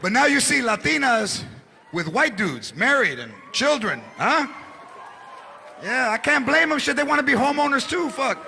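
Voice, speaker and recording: A man in his forties doing a stand-up comedy routine on a theater stage, loudly shouting punchlines and acting out characters. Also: extremely high pitch, sing-song, moderate pace, creaky. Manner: loud, shouting punchlines, acts out drunk characters. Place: large theater stage before a live audience. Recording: live theater recording with crowd noise.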